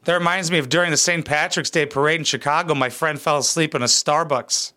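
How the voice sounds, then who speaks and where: A man's voice: fairly high pitch, steady tone, brisk, sharp tone. A man giving crude, sarcastic reaction commentary as a YouTuber, blunt and full of swearing.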